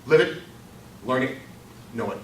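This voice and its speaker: An older man giving a humorous storytelling speech at a contest, animated and laughing through his own punchlines. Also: medium pitch, unhurried, recorded from a distance, very noisy. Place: meeting hall. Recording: echoey hall recorded from afar.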